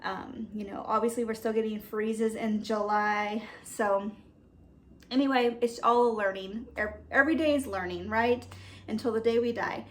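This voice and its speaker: A woman's voice: on the high side, steady tone, normal speed. A woman vlogging casually as she tours her garden, chatty and laughing often, with many ums. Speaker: homestead vlogger. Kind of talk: casual garden tour vlog. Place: outdoor garden.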